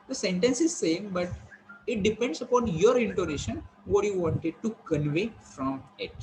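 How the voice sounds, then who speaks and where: Male lecturer, slightly raised pitch, halting and repetitive classroom delivery. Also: a little mellow, a little hiss or hum, rough recording. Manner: explanatory, repetitive, many fillers and restarts. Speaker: college lecturer.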